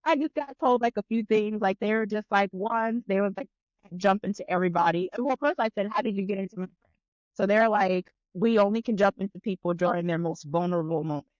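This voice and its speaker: A woman chatting on a podcast, telling a long story with lots of swearing and acting out both sides of the conversation. Her voice sits at a middling pitch. The sound is dry and a little dull, as if recorded close on a modest mic. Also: fairly quick, no echo. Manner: animated, profane, acts out both sides of conversations. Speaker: podcast guest. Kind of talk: casual storytelling chat.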